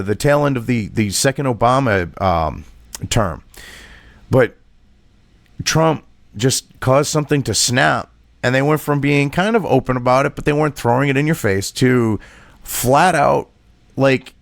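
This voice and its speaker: Man, commentary vlogger, ranting and sarcastic, animated pitch, dry close sound. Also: dry recording. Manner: heated, profane and sarcastic; reads an article aloud and rebuts it. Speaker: political commentator.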